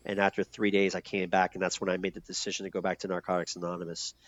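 Low-voiced man telling his story, dull recording. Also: level tone, fast talker, fairly bright tone. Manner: loose and profane, many fillers and restarts. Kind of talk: candid conversational storytelling. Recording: dull lo-fi sound.

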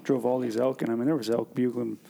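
Fast-talking gravelly man. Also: mid-range voice, little pitch movement, dark tone, slight background noise. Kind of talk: casual chat.

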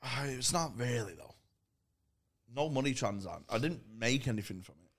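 A man's voice: mid-range voice, animated. A man co-hosting a casual podcast, firing off teasing questions and jokes. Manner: quick teasing questions, joking. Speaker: podcast co-host.

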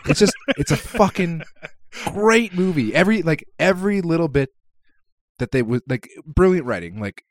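A man's voice: on the high side, expressive, moderate pace, no echo, studio quality. A man co-hosting a podcast, animatedly retelling a movie scene with lots of swearing. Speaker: podcast host. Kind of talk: casual chat.

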